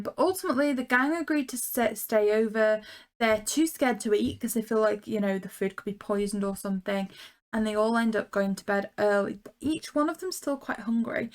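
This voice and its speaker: A woman co-hosting a podcast, casually recapping a cartoon episode and laughing easily. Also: a little high. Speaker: podcast co-host. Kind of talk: casual review chat.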